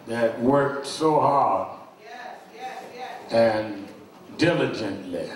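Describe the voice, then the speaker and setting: A man leading a movement's Saturday rally, speaking to the room in a slow, drawn-out preaching cadence and urging people to join. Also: medium pitch, far from the mic. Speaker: leader of a civil rights organization. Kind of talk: rally speech and call to sing. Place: large hall or sanctuary with live music. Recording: roomy hall with loud music, voice heard from off mic.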